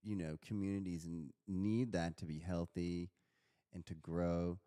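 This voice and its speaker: A man co-hosts a casual podcast chat, joking around and rambling. He often trails off mid-thought. His voice sits lowish and sounds warm and mellow. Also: fairly even intonation, measured pace, clear, resonant tone. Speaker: podcast co-host.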